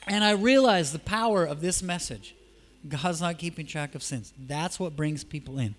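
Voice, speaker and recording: A sermon with storytelling comes from a man in a church whose voice runs a bit high for a male speaker. At a normal speed, he moves between easygoing, conversational narration, emphatic loud climaxes and soft murmured asides, all with animated energy.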